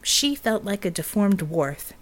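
A woman reading a novel aloud as an audiobook narrator, steady and expressive. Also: medium pitch, measured pace. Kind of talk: scripted narration.

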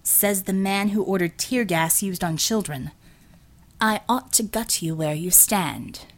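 A woman voicing a fierce young female fighter who speaks with slow menace. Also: mid-range voice, natural voice. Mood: menacing.

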